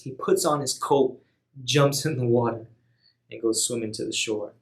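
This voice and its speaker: A man telling a Bible story for a youth ministry in a relaxed, slangy way. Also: medium pitch. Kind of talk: casual Bible story retelling.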